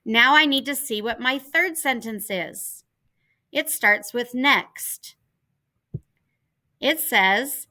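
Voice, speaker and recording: A woman's voice: fairly high pitch, slow pace, long pauses, bright, forceful tone, rough recording. A woman teacher giving a patient online writing lesson to children from home, spelling out letters and steps aloud into a laptop mic. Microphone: laptop computer mic.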